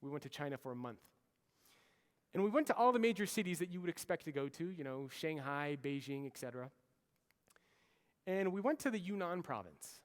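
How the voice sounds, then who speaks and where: Long reverb from a large conference hall surrounds a US man in his thirties as he gives an animated storytelling keynote, acting out quoted orders. He sounds a little high and brisk, leaving long pauses.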